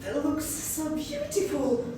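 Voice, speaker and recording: A woman telling dream stories on a comedy stage, slowly and haltingly, with many fillers and laughs. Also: high-pitched, big pitch swings, background noise. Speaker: comedy performer. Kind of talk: live stand-up storytelling. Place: stage in a hall before a live audience. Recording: echoey hall, recorded from far off. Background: audience laughter.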